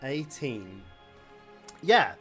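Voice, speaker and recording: A man's voice: mid-range voice, sing-song, very slow, fairly bright tone, slightly rough, faint music behind. A man narrating a tabletop game as game master, hesitant with many fillers.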